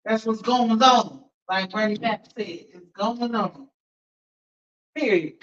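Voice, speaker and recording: A woman with children chatting casually to viewers on a live stream, animated and blunt, laughing often and using slang. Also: a little high, slow, a little hiss or hum. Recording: dull lo-fi sound.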